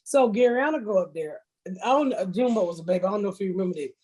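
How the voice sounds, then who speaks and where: A woman's voice: mid-range voice, lively intonation, rapid-fire, dark tone, husky, poor audio. A woman hosting a podcast, telling blunt, profane comic stories in casual chat and laughing through them. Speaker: podcast host. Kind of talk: casual comedic storytelling.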